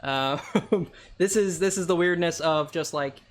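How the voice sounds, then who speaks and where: Slow, rambling male art teacher. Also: on the high side. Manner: rambling, hesitant, self-deprecating. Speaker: storyboarding teacher. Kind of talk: live-streamed class.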